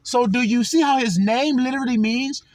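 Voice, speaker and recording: A man's voice: extremely high pitch, moderate pace. A man giving sermon-style teaching, emphatic, drawing out key words and asking his listeners again and again if they see it. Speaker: religious teacher.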